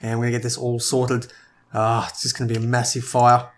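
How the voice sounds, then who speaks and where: A man's voice: mid-range voice, completely flat delivery, fairly quick. A man giving casual gameplay commentary, thinking aloud and sometimes tripping over his words. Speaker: let's play gamer.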